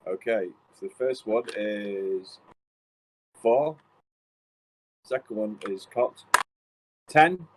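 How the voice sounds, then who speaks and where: A man's voice: on the low side, lively intonation, slow, long pauses, slight background noise, poor audio. A man playing in a tabletop game, counting rolls and swearing playfully. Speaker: player.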